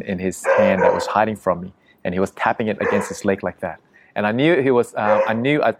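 A man's voice: fairly low pitch, heavy background noise. A man telling a story in a casual, conversational way, vivid and profane, often acting out what people said. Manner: vivid, profane, acts out quotes.

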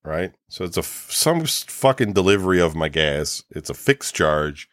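A man's voice: low voice, very animated, moderate pace, a bit bright, no room sound, clean studio sound. A man co-hosting a podcast, ranting in casual chat and swearing freely. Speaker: podcast co-host.

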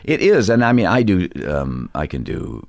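A man's voice: sits low, huge pitch swings, moderate pace, creaky, no room sound, studio quality. A man, an actor, telling anecdotes in casual conversation, laughing often and acting out the people in his stories. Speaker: actor guest. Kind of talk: casual storytelling chat.

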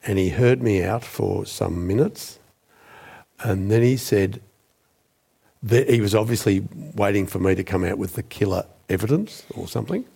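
A man, a former journalist, recounting a story as a guest in a measured, deliberate way. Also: lowish voice, gravelly, dark tone, breathy edge. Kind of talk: storytelling interview.

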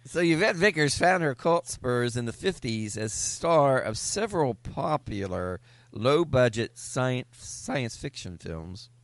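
A man co-hosting a comedy podcast, reading a film star's biography from notes and often pausing on fillers. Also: medium pitch, dry recording. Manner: reads notes with frequent filler pauses. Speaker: podcast co-host.

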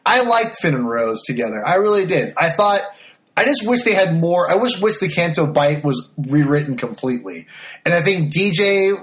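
A man in a casual film discussion, talking in a halting, opinionated way with many restarts. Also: a little high, big pitch swings, a bit bright.

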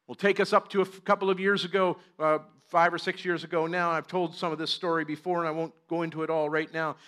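A man's voice: a little high, flat delivery, fast talker, fairly bright tone. A middle-aged man from Canada preaching a sermon, telling a personal story earnestly and building to fervent declarations. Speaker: pastor.

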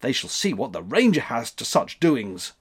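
A man's voice: mid-range voice, very animated, normal speed, slightly rough. A man voicing a brave, brash young boy in a storybook reading. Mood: eager. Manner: brash, indignant. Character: bold eager young boy.

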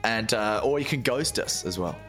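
Lively Australian man riffing and joking. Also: fairly low pitch, faint music behind. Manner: playful, riffing, quick to laugh. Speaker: podcast co-host. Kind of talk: casual comedic banter.

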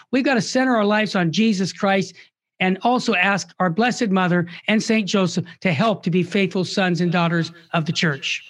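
An older man, a Catholic radio founder, telling stories with passion in an animated interview and acting out the people he quotes. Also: high-pitched. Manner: impassioned, acts out quoted voices.

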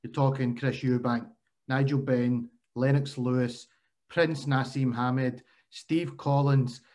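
A man's voice: medium pitch, little pitch movement, takes it slowly, darkish tone. A man interviewing a guest in a casual, jokey and enthusiastic way.

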